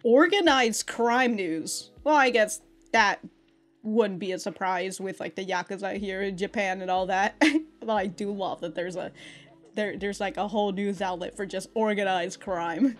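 A woman's voice: mid-range voice, a little slow, faint music behind. A woman hosting an anime reaction, chatting casually, laughing often and swearing as she acts out the characters' lines. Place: in Japan.

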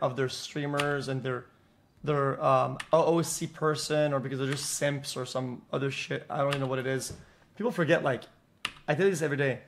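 A man streaming live, ranting at his chat in a blunt, mocking way, swearing freely and restarting his sentences often. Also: a little high. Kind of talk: casual rant to chat.

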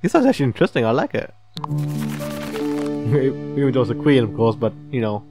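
A man's voice: mid-range voice, very animated, a little fast, music in the background. A man hosting a casual let's-play, reading the game's text aloud and reacting with laughs and swearing. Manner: chatty, swearing, reads game text aloud, laughs often. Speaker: gaming channel host.

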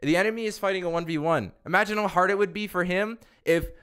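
A man's voice: sits high, a bit bright, clear, resonant tone. Exasperated, cursing young man ranting. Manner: exasperated, profane, acts out teammates in quick asides. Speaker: gaming YouTuber. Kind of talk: ranting gameplay commentary.

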